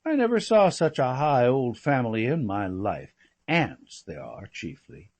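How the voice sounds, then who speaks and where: A man reading aloud as a chatty, flippant young English gentleman who rambles through gossip. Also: medium pitch, big pitch swings, measured pace. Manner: rambling, breezy, full of slangy asides.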